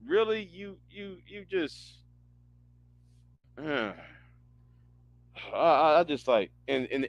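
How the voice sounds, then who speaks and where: Lively, bright-voiced man ranting on a stream. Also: on the high side, dry recording. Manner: animated, profane, stammering restarts. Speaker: livestream host. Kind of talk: casual livestream rant.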